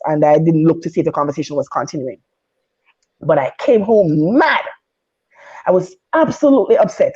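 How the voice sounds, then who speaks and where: A woman with a lowish, mellow voice speaks earnestly and frankly, repeating her points to drive them home. She is heard over a dull, lo-fi video call line. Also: husky. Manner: earnest, frank and candid, repeats herself for emphasis. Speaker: married guest on a panel. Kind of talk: heartfelt advice talk.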